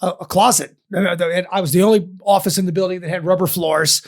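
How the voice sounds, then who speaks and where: Older guy with a high voice, spinning stories, doing everyone's lines. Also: fast. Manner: animated storyteller who acts out quotes. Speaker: guest. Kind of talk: storytelling podcast chat.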